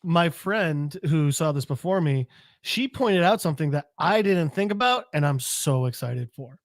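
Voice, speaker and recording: A man's voice: on the high side, lively intonation, moderate pace, no room sound, studio quality. A man co-hosting a podcast, dropping wry quips in casual movie chat. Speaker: podcast co-host.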